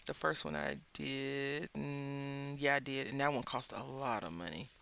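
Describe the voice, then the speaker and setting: A Southern-accented woman hosts a craft video from her table and chats her way through the work in a loose, rambling storytelling style. Her voice has a gravelly, fry-edged texture and a bright, forceful tone. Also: extremely low pitch, animated, a little slow. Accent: Southern American. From Southern United States. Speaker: craft channel host. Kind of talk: casual chat while crafting.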